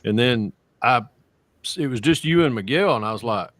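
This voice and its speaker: A man's voice: medium pitch, lively intonation, moderate pace, a bit bright, no room sound. A man hosting a casual video-call hangout, rambling through stories and laughing often. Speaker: host. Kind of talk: casual chat.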